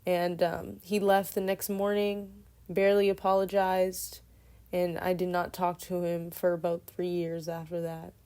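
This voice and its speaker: A woman in her twenties telling a personal story casually, in a meandering, soft-spoken way. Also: on the low side, little pitch movement, measured pace, smooth.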